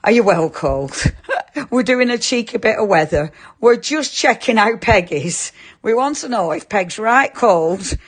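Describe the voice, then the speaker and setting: A woman's voice: a little high, lively intonation, a little slow. Chatty woman presenter. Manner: chatty, giggly, reads viewer comments aloud. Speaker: shopping channel craft presenter. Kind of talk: live shopping show chat.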